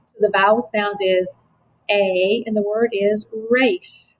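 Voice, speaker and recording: A woman teaching a phonics lesson to children, slow, patient and encouraging. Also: mid-range voice, steady tone, a little hiss or hum, low-quality recording.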